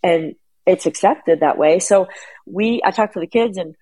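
A woman's voice: lowish voice, normal speed, mellow, poor audio. A middle-aged woman chatting casually as a guest, telling a long family story with lots of restarts and fillers. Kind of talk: casual chat.

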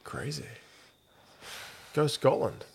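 A man's voice: on the high side, sing-song, takes it slowly, creaky, slightly rough. A man co-hosting a casual podcast over beers, talking in a dry, matter-of-fact way and swearing freely. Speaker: podcast co-host.

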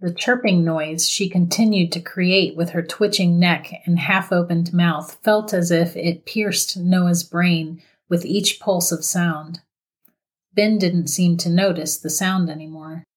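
A woman narrating a scripted horror story in a steady, measured reading voice. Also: on the low side.

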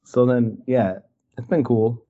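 On a video call, a Wisconsin man who is a guest artist tells a loose, casual story peppered with "like" and "you know," mimicking the voices of the people he quotes. His pitch is ordinary and mid-range, his tone steady and his pace slow, while the call audio comes across slightly dull.

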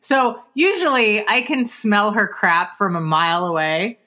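Bright-voiced woman, wry and teasing. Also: mid-range voice, a little slow. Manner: wry and teasing, laughs along. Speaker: podcast co-host. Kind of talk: casual chat.

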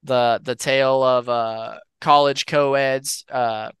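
A man co-hosting a podcast, telling urban legends in a relaxed, rambling way with fillers and restarts. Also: medium pitch, slow pace, clear, resonant tone, no room sound. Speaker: podcast co-host. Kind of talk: casual storytelling of urban legends.

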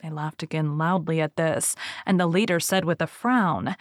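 A woman with a lowish voice narrates a storybook as an audiobook, reading in a measured, expressive way. The recording is close and dry, with no room sound.

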